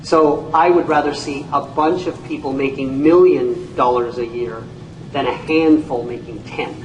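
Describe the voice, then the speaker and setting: A man giving a lively, jokey sales presentation at a whiteboard, making his points through stories. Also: mid-range voice, measured pace, a little hiss or hum. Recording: echoey room, mic far off, faint ambience.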